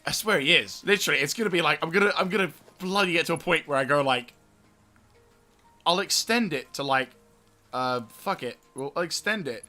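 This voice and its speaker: A man's voice: on the high side, a little fast, bright, forceful tone, faint music behind. A man giving casual gameplay commentary, giggly and exasperated, swearing often. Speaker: gaming video host.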